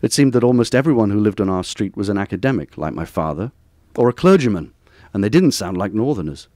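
A man, reading aloud from a personal essay at a bookstore event in a measured, wry, literary way. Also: lowish voice, animated, darkish tone, no echo, studio quality. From Durham, northern England. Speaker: author reading from his book.

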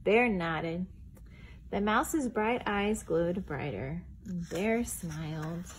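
A woman reading a picture book aloud to preschoolers, expressive and pausing to ask the children questions. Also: fairly low pitch, slight background noise. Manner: expressive, asks the young listeners questions. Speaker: children's storytime reader.

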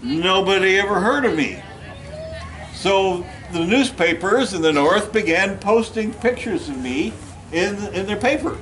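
A man's voice: sits high, animated, a little slow, fairly bright tone, some chatter behind, low-quality recording. A man playing a folksy Civil War general. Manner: folksy storytelling, jokes with the audience. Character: Civil War Union general, middle-aged, plainspoken. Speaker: historical reenactor. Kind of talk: first-person living history talk. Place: outdoor history event in a park.

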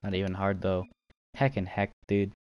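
A man's voice: sits low, monotone, moderate pace, a little mellow, clean tone, dull audio. Joking young male game streamer. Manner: joking, teasing, talks to chat. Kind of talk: live game stream chat.

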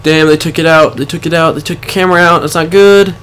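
Young man with a high voice commenting on gameplay. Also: fairly even intonation, fast, smooth. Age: young adult. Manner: swings between muttering and shouting in frustration, swears a lot. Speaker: gaming channel host.

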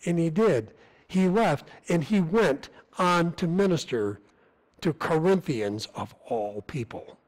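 Preaching slowly and expressively at a fairly high pitch, a visiting missionary gives his sermon in a church sanctuary. He is earnest and conversational and restarts often, and the recording is of low quality.

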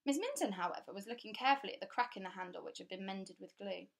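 Woman, storybook reading aloud, clear steady narration, expressive. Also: medium pitch, fast talker. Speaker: audiobook reader.

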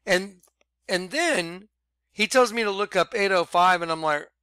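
A man casually telling a personal story to his viewers, animated and full of "I'm like" retellings. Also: high-pitched, a little slow, smooth, dry recording. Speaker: vlogger.

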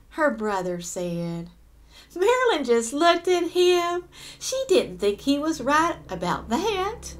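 A woman's voice: sits high, big pitch swings, slow. A woman reading a children's picture book aloud, adding gasps and little asides to her listeners. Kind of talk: read-aloud storytelling.

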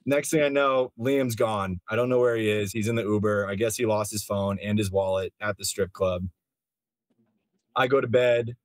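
A man's voice: lowish voice, steady tone, moderate pace, no echo. A man from a film crew telling a loose, rambling story in casual chat, with lots of filler words.

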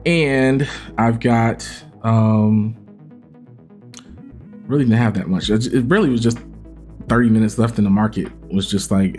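A man's voice: fairly low pitch, measured pace, long pauses, darkish tone, faint music behind. A man giving a casual, self-mocking recap of his day's trades, acting out his own inner dialogue. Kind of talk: casual screen-share trading recap.

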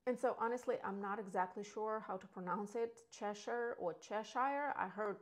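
A woman's voice: mid-range voice, fairly even intonation, a little fast. A chatty, enthusiastic woman presents neighborhoods for a real estate video. English is not her first language, and she talks in a mid-range voice. Her style is casual, with asides and small self-corrections.

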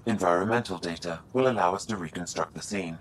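An actor voicing a calm male AI assistant who gives even, detached information. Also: low-pitched, quick pace, close to an everyday voice.

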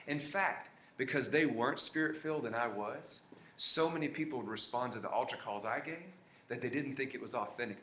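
Brief: impassioned male pastor, mid pitch, sermon recorded live in an echoey church, faint hum behind. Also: fairly bright tone. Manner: impassioned preaching with personal stories. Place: church service.

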